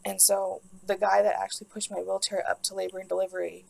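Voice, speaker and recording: This vlogger, a young woman, races through an emotional personal story, rambling and filling it with "like." Her mid-range, gravelly voice barely moves in pitch, and the audio is rough.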